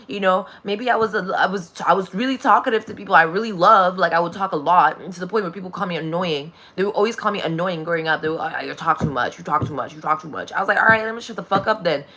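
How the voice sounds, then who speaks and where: A woman's voice: mid-range voice, bright, forceful tone. A woman delivering a rambling, profane spiritual monologue, laughing often.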